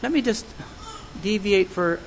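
A high-pitched male preacher delivers a sermon in an earnest, measured way. He speaks in steady phrases and turns to his listeners with searching questions. A faint hum sits behind his voice. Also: rough recording.

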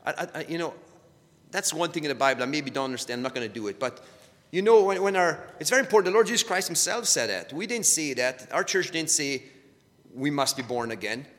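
A man's voice: on the high side, lively intonation, fast talker, a bit bright. Earnest middle-aged man preaching in a hall. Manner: earnest, repetitive with restarts. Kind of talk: sermon. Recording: hall with long reverb.

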